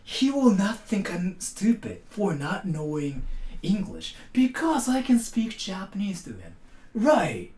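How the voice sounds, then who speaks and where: A man's voice: high voice, wildly swooping pitch, slow pace, a little mellow, roomy sound, voice pushed up, exaggerated voice. A man doing a flustered, panicky Japanese guy. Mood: relieved. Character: flustered shy Japanese man dodging English.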